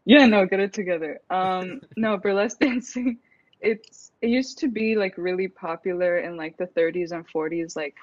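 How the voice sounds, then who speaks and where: A woman's voice: lowish voice, normal speed, darkish tone, dry recording. Female podcast guest, giggly, rambling, dry and slightly dull audio. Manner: giggly, rambling with many fillers. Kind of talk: casual chat.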